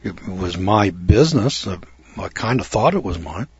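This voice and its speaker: A husky, low-voiced middle-aged man with lively intonation talks at normal speed, telling an audience a rambling story at his own expense and repeating words as he goes. This folksy lecture comes through a dull, muffled, dry recording with no room sound.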